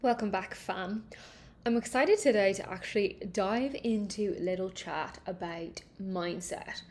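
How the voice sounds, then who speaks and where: A woman hosting her own podcast, talking in a chatty, upbeat and animated way. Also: medium pitch, measured pace. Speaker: podcast host, holistic gut coach. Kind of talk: casual podcast chat.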